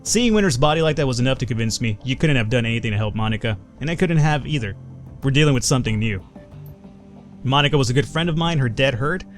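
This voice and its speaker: Dude reading a blunt tough merc woman, clipped and flat, faint music under it. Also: mid-range voice, quick pace, close to an everyday voice. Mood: terse. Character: tough, blunt female mercenary. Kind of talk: reading game dialogue aloud.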